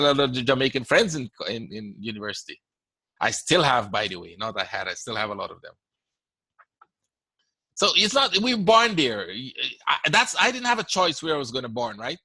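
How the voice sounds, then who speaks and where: A man's voice: mid-range voice, very animated, fairly quick, pushed and bright, slightly rough, dry recording. A man with a Guyanese accent, hosting a trading webinar in a conversational way, often checking in with "right?" as he answers questions. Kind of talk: live webinar Q&A talk.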